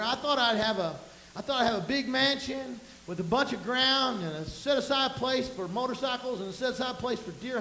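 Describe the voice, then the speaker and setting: High-voiced preacher, folksy sermon. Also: male voice, sharp tone. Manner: folksy storytelling, rising to emphatic bursts. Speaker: pastor. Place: church sanctuary. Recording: echoey room with faint hiss.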